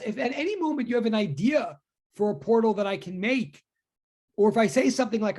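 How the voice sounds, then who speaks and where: A woman's voice: medium pitch, a little mellow, slightly rough. A woman teaching a physics lecture over a video call, chatty and self-deprecating, wandering into asides. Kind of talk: online lecture.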